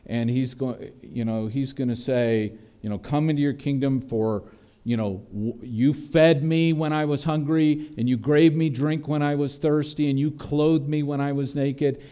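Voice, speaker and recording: A man's voice: mid-range voice, steady tone, measured pace, warm tone, clean tone. A man preaching a sermon as pastor, earnest and building to emphatic peaks.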